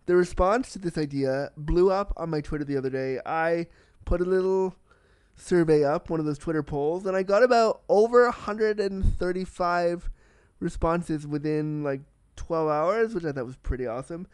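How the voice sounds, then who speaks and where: A man hosting a solo podcast in a casual, candid and excitable way, swearing freely and talking with a slight cold. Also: a little high, moderate pace, clear, resonant tone, no echo, clean studio sound. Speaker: podcast host.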